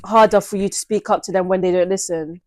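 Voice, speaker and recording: A teenage girl co-hosts a casual podcast conversation. She speaks at a medium pitch, hesitant and thoughtful, and often restarts her sentences as she works out what she means. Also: steady tone, fast talker, slight background noise. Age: teens. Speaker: podcast co-host. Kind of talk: casual chat.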